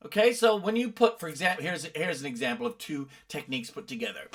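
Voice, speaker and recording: A man's voice: on the high side, big pitch swings, fairly quick, few pauses. A middle-aged man from the UK, a vocal coach commenting on other coaches' videos with emphatic, exasperated explanations. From United Kingdom.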